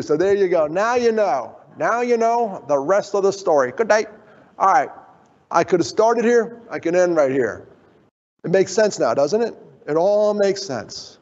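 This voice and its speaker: A man's voice: high-pitched, expressive, a little slow. Middle-aged man speaking in an echoey hall. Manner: jokey, draws in the audience, then turns earnest. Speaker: keynote speaker. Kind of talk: motivational conference talk. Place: conference hall. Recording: dull, echoey hall sound.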